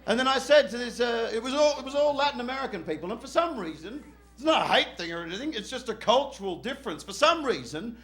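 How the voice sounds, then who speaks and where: On a club stage, an Australian man performs stand-up, loud, brash and profane, frequently shouting and laughing into a handheld mic. His voice is extremely high-pitched, expressive and fast.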